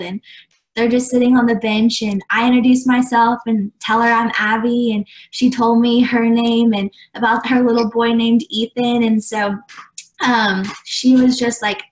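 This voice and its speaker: Young woman, higher voice, earnest storyteller, filler-heavy, echoey room. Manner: earnest, many "like" fillers, acts out quoted dialogue. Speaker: guest. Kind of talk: casual storytelling interview.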